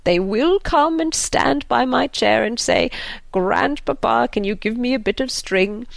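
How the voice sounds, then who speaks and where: A woman voicing a fretful, anxious elderly father in an audiobook, slow and sighing. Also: on the high side, gravelly, no echo, pitched above the performer's own voice.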